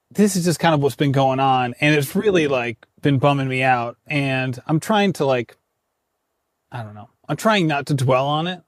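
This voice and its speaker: A man's voice: on the high side, no room sound, clean studio sound. A man talking casually on a podcast, chatty and self-deprecating, full of fillers. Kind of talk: casual conversation.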